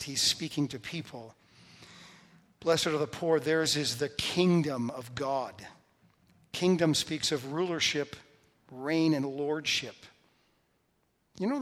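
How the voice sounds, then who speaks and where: A man's voice: on the high side, a bit bright. A man preaching a sermon as pastor in a church, stressing points by repeating key phrases. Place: church sanctuary. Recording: long reverb of a large hall.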